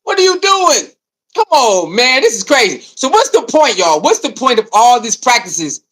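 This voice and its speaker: A man's voice: extremely high pitch, normal speed, low-quality recording. A man giving a heated, mocking sports rant, often acting out other people's voices in asides. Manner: animated, mocking, mimics coaches in asides. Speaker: sports commentator.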